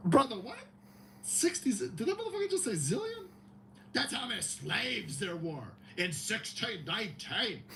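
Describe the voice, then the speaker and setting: A male livestream host, mocking and swearing through a comedic rant, with a high, lively voice that jumps around. Faint hiss sits underneath. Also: moderate pace. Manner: mocking, heavy swearing, animated.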